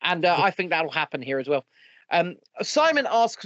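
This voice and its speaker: A man's voice: on the high side, big pitch swings, normal speed, fairly bright tone, dry recording, highs cut off. A man hosting a casual podcast chat, joking loosely and swearing. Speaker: podcast host.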